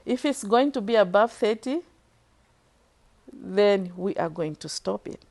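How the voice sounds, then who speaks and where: A middle-aged woman giving an earnest, emotional faith testimony in an interview, speaking slowly from the heart. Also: medium pitch, lively intonation, a little mellow. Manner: earnest, slow and heartfelt, moved to tears at times. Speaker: church member giving a testimony.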